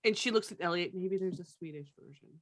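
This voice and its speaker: A woman's voice: lowish voice, quick pace, a little hiss or hum. A woman playing in a tabletop game, describing her character and chatting animatedly. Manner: animated, laughing. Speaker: player.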